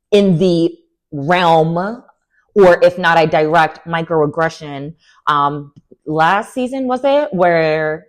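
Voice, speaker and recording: Woman, low voice, sassy, opinionated, casual recap commentary, animated. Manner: animated, sassy, acts out quotes in mocking voices. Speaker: reality TV recap host.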